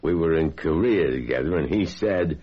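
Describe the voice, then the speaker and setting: A man's voice: a bass voice, expressive, normal speed, slightly rough, exaggerated voice. An actor playing a man who poses as an old army buddy to check up on a dead friend, in a vintage-style drama. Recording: dull lo-fi audio.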